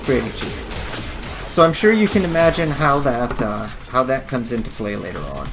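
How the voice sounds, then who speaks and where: A man's voice: mid-range voice, lively intonation, a little fast, music in the background. A man hosting a gaming channel, giving rambling, jokey, self-deprecating commentary while he plays. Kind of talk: casual gameplay commentary. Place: home office.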